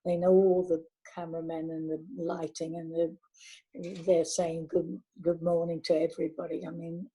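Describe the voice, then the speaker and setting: An older woman, a veteran actress, chatting warmly in an interview and telling anecdotes from her career. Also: fairly low pitch, little pitch movement, moderate pace, slightly rough, poor audio. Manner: warm anecdotal, chatty with restarts. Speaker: actress guest. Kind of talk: reminiscing interview talk.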